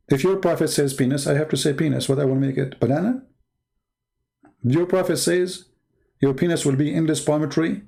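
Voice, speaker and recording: Man, livestream host, gravelly, fairly high voice, blunt, combative. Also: a little fast, pauses often, warm tone. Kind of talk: livestream commentary.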